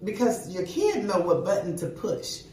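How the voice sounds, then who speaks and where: A woman's voice: mid-range voice, moderate pace. An older woman and grandmother, co-hosting a casual chat and telling stories in an emphatic way. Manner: lively storyteller, emphatic. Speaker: co-host. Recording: echoey, distant mic with faint noise.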